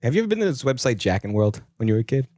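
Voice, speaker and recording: A man guesting on a comedy podcast, throwing in quick teasing jokes. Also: mid-range voice, big pitch swings, a little mellow, no echo, studio quality. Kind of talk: casual comedy chat.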